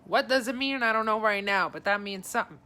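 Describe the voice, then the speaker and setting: A woman's voice: medium pitch, animated, quick pace, bright, forceful tone. A woman giving a casual live psychic reading, chatting to viewers by name and passing on messages in a friendly, rambling way. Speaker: psychic advisor.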